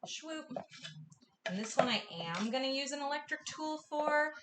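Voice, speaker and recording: A woman's voice: sits high, moderate pace, heavy background noise. Bubbly woman hosting a cooking stream. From US Northwest. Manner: bubbly and effusive, gushing often. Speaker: cooking class host. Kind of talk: live-streamed cooking class, chatting with viewers.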